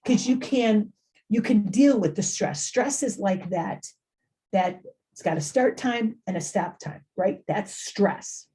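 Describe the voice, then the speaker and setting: A middle-aged woman giving an informal talk to parents, lively and conversational, often acting out quoted lines and repeating phrases for emphasis. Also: medium pitch, slow pace. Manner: animated, acts out quoted voices, repeats phrases. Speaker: family engagement speaker.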